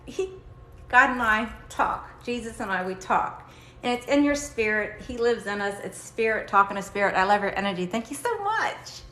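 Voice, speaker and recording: A woman hosting a livestream, telling a faith-based personal story with high energy and acting out the dialogue. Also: fairly bright tone. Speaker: livestream host. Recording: roomy, echoey room.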